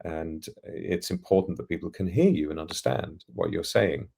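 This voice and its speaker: A middle-aged man with a posh, trained English accent tells childhood stories in an articulate, reflective way. His voice sits very low and carries a gravelly fry. He speaks as a podcast guest, laughing now and then. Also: normal speed, mellow. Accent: standard English, trained by acting lessons. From England, East London. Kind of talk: casual storytelling in an interview.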